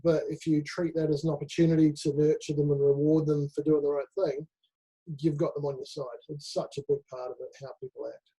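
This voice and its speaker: A man chatting as a guest on a webinar. His voice is mellow and a little husky, and he talks in an easy, friendly way. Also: on the high side, flat delivery, brisk, poor audio. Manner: friendly, laughs easily. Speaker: webinar guest, security trainer. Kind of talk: casual webinar chat.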